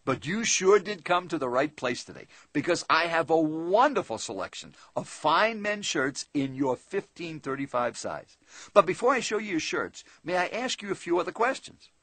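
An eager young salesman, courteous and helpful, put on by a man telling a story. His voice is a little husky and moves through a lively range. The sound is dry and close. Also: fairly high pitch, normal speed, no room sound. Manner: polite, attentive, helpful. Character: eager, smiling young male shirt salesman.

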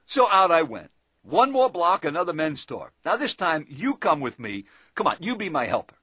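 A sales trainer telling a seminar story in a chatty manner, talking straight to the listener. His slightly high voice is a little husky and moves through a lively range. The sound is dry and close. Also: moderate pace, no room sound. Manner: conversational, addresses listener directly, asks tag questions.

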